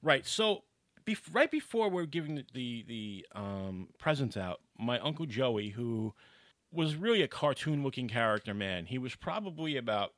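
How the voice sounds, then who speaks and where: Man telling a lively story, bright voice. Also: mid-range voice, moderate pace, dry recording. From New York, USA. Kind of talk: casual storytelling.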